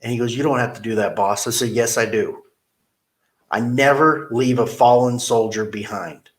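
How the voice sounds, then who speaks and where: A man's voice: medium pitch, normal speed. A middle-aged man, a car dealership manager, telling a story in an interview and acting out the quotes in it. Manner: animated storyteller who acts out quotes.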